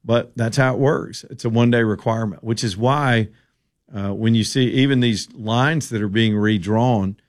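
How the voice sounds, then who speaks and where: A man's voice: on the low side, normal speed. Opinionated man hosting talk radio. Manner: opinionated, rambling, sarcastic asides. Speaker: radio talk show host. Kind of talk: casual political commentary.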